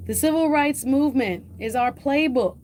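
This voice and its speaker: A woman's voice: a little mellow, slight background noise. Emphatic woman host with a Jamaican accent. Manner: emphatic, slows and lifts pitch on key phrases. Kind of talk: reading an editorial aloud with commentary.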